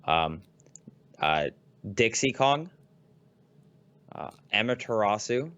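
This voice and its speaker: A man co-hosting a podcast in casual chat, swearing a lot and getting excitable as he tells stories. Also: lowish voice, takes it slowly, smooth, muffled recording. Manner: profane, excitable storyteller. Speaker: podcast co-host.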